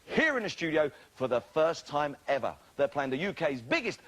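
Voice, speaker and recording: A man's voice: fairly high pitch, very animated, normal speed. A man hosting a live television game show, bantering cheekily with contestants in a studio with an audience. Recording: loud studio audience and noise.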